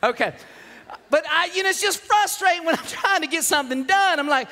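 A man preaching a lively, comedic sermon, hollering and laughing as he goes. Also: very high-pitched, a little fast. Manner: hollering, animated, laughing often. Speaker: pastor. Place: church sanctuary. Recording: long hall reverb.

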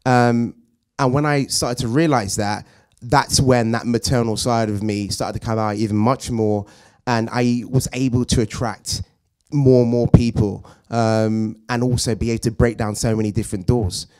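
A man who founded a drama school, answering thoughtfully at a Q&A in an earnest, halting way. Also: mid-range voice, fairly even intonation, darkish tone, smooth. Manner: earnest, halting, many fillers. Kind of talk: reflective answer at a Q&A.

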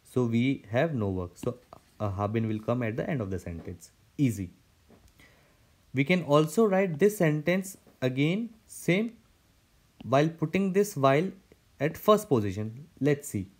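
A man's voice: mid-range voice, lively intonation, unhurried. A man teaching a German grammar lesson, explaining step by step with frequent repetitions and restarts.

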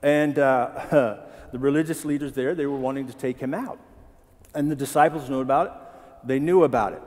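A male pastor of medium pitch speaks at a moderate pace, his slightly mellow voice carrying a big-room sound. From a church sanctuary, he preaches conversationally and often asks the congregation questions.

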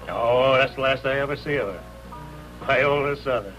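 Actor as an old doorman, gruff, slangy, bright, sharp voice, 1950s TV drama. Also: mid-range voice, moderate pace, highs cut off, natural voice. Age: older. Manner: slangy, folksy talk. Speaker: doorman at a rehearsal hall. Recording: 1950s TV soundtrack with faint music.

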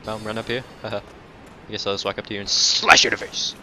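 A man doing casual let's-play commentary, cursing and taunting enemies, dropping to mutters and then breaking into loud outbursts. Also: on the low side, little pitch movement, quick pace, slight background noise. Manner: profane, talks back to enemies, swings between mutters and outbursts. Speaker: gameplay commentator.

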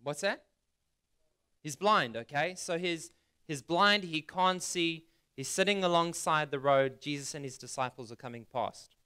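A man preaching a sermon in a bright, crisp voice that sits a little higher than most men's. He talks conversationally, asking questions of his listeners and putting scripture into everyday words. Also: measured pace. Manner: reads scripture aloud and retells it in plain words. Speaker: pastor.

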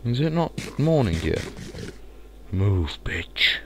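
A man commentating a game let's play, excitable and muttering curses at the game. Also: on the low side, takes it slowly, vocal fry, slight background noise. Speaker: gaming channel host.

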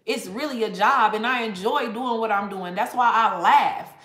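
Woman, tarot reader, casual rant, laughs a lot, bright tense voice. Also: fairly high pitch, moderate pace, reverberant.

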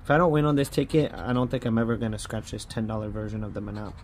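A man's voice: on the low side, quick pace, a little mellow, a little hiss or hum. A man hosting a casual vlog as he scratches lottery tickets, grumbling and often tacking "man" onto his sentences. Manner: frustrated, grumbling, repeats "man". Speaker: lottery scratch-off channel host.

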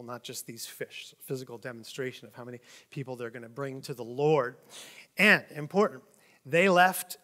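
A man teaching from the Bible in a relaxed, conversational way. He reads passages aloud and then explains them informally. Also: medium pitch, normal speed. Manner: conversational, with frequent "like" and "kinda". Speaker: preacher.

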